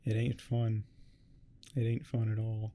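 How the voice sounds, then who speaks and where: Low mellow guy, kinda monotone, cussing his way through a comic recap, rambly and offhand. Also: slight background noise. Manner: swears a lot, rambling and offhand; voices the characters in quick offhand quotes. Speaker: host. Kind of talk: casual comic recap commentary.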